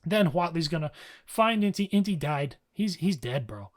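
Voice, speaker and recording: A young man co-hosting a podcast, recapping a story in a casual, slangy way and slipping into quick character voices. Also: on the high side, animated. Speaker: podcast co-host.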